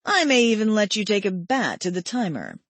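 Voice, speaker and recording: A woman narrator voicing an intense, brooding male lover in an audiobook, hushed and intimate. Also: mid-range voice, huge pitch swings, brisk, no echo.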